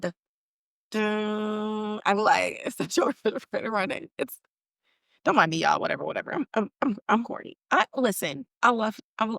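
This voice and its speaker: A woman's voice: a little high, a bit bright, no echo, clean studio sound. A woman hosting a podcast and recapping a TV episode in casual, slangy storytelling that is full of animation and laughter. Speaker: podcast host.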